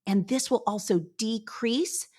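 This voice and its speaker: A woman's voice: on the high side, a little slow, husky. A middle-aged woman hosting a motivational solo podcast from her office, upbeat and chatty, talking straight to her listeners. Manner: upbeat, chatty, animated, addresses listeners directly. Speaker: podcast host.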